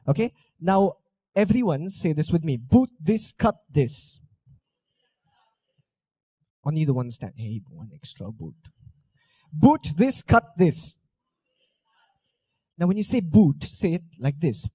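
A man's voice: fairly high pitch, very animated, a little slow, pauses often, mellow, slightly rough, no room sound. A young man, talking on stage and playfully teasing and coaching his audience. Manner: playful, teasing, coaxing the crowd. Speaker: speaker on stage. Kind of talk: live talk with audience drills. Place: auditorium stage.

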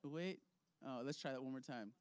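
A man's voice: medium pitch, moderate pace, clear, resonant tone, no room sound. A man leading an object lesson for kids in a children's ministry, upbeat and playful, laughing often.

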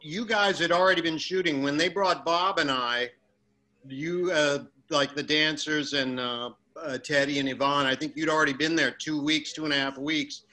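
A man recalling a film shoot in a casual chat, eager and full of detail with quick asides. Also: a little high, steady tone, pushed and bright, low-quality recording. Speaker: former film cast member. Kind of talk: casual reminiscing on a video call.

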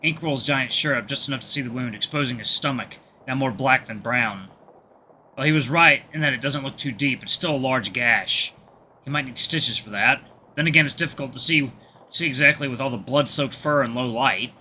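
A man hosting a gaming video, reading a visual novel aloud with relaxed, chatty asides. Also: mid-range voice, moderate pace, slight background noise.

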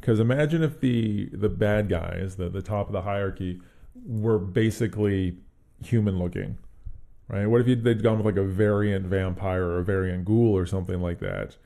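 Male podcast co-host, low gravelly register, relaxed and mellow, casual review chat full of restarts. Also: normal speed. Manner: thinks aloud with many restarts and hedges.

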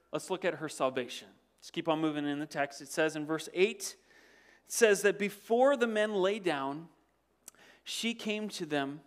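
Man, preacher, high-pitched, animated sermon, whispers and exclaims, repeats words. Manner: animated preaching, swinging from soft near-whispers to loud exclamations; repeats words and restarts often. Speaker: pastor.

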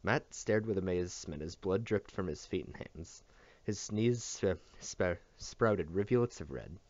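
A man reading a novel aloud as scripted narration, in an expressive storytelling manner. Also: deep voice, measured pace. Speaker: audiobook reader. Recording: dull dry recording.

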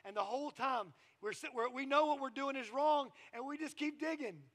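A man, preaching a sermon in a conversational, storytelling way that often drops to quiet asides. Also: very high-pitched, a little fast. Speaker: pastor.

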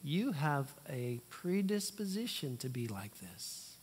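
A man voicing a sly, taunting male spirit tempter, in slow, low, mocking tones. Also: sing-song, slight background noise. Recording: long church hall reverb.

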